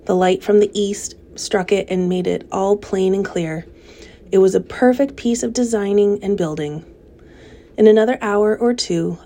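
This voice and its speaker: A woman reading a children's novel aloud in a gentle, steady storytelling manner. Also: medium pitch, creaky. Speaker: narrator.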